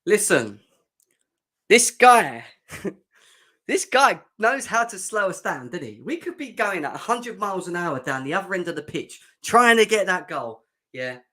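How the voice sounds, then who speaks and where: A man's voice: sits high, big pitch swings, a little slow, pushed and bright. Young male livestream host; casual, sarcastic, banters with the chat. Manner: sarcastic, joking, reads out chat comments. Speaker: fan show host. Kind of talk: livestream football reaction chat.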